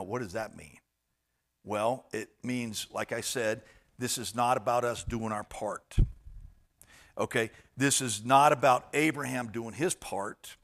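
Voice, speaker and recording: A man preaching a sermon from slides, moving between loud emphatic points and quiet asides, with frequent restarts. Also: a little high. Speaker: pastor.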